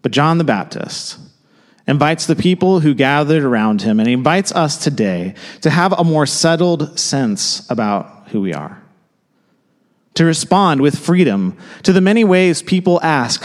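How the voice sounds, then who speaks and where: A man preaching a sermon in a casual, conversational way, with quick asides and restarts. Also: on the high side, very animated, long reverb tail. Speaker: pastor. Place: church sanctuary.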